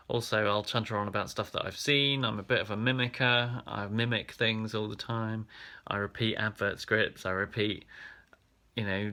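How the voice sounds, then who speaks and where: In his casual, introspective vlog, a Black Country man hesitates and rambles, often saying um and starting over. He has a lowish voice with a bright, forceful tone.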